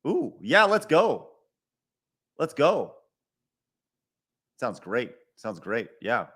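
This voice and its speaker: Extremely slow and mid-range, his voice swoops wildly in pitch and is a bit bright with a breathy edge. He's a middle-aged podcast host ranting on a live stream while reading super chats, exasperated, swearing, repeating himself, stumbling, and often stuttering and restarting.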